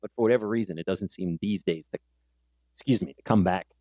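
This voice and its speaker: A man's voice: low voice, fast, dry recording. A man hosting a podcast and working as a teacher, telling stories in a casual way and acting out the dialogue. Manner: animated, acts out quoted dialogue. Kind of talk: casual conversational storytelling.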